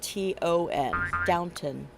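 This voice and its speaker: Chatty woman streamer with gravelly voice. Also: on the low side, takes it slowly. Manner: chatty, rambling, laughs often. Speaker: game streamer. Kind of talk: casual chat while playing. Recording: loud game music behind.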